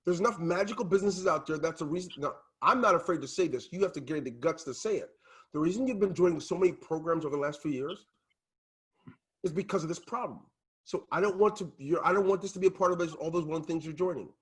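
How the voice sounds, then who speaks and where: Man, business coach, high-pitched, husky, passionate and emphatic, video call. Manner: passionate, emphatic, sometimes loud. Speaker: team leader and business coach.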